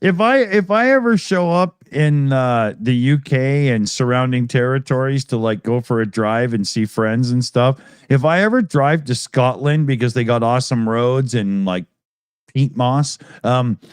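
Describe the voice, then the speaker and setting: A man's voice: medium pitch, unhurried, smooth, dry recording, studio quality. An American man co-hosting a casual chat, joking around and laughing a lot, with frequent strings of "yeah". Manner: jokey, laughs often, lots of "yeah". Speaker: co-host.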